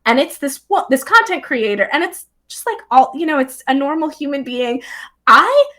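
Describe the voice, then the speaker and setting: A bubbly young woman talks in a casual chat, her voice sitting a little high. She fills her talk with little fillers and breaks into laughter often. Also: lively intonation, fairly quick. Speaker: guest. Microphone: streamed live remote talk.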